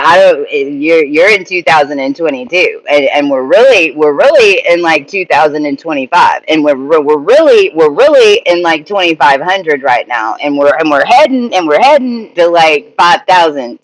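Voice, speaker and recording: A man's voice: fairly high pitch, poor audio. A man teaching spiritual ideas in an emphatic monologue, often repeating and restarting phrases.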